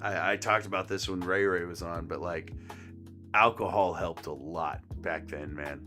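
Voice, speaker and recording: A man's voice: low voice, steady tone, moderate pace, pushed and bright, faint music behind. A man co-hosting a casual podcast chat, laughing often and swearing freely in a rambling way. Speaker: podcast co-host.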